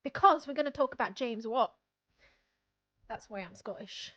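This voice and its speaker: A woman's voice: fairly high pitch, expressive, moderate pace, bright, forceful tone, dull audio. A young woman chatting casually on a livestream, rambling and self-deprecating, laughing often. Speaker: streamer.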